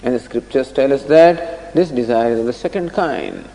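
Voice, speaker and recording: Lively, mellow-voiced man teaching scripture. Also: medium pitch, normal speed, vocal fry. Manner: explanatory, tells illustrative stories with acted-out dialogue. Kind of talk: spoken discourse on scripture. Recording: long reverb of a hall.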